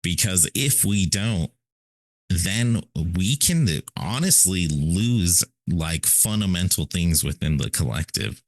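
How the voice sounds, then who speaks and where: Very deep-voiced man musing on a podcast. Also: expressive, slow, dry recording. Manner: rambling, emphatic, repeats "right?". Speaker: podcast co-host. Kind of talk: casual philosophical chat.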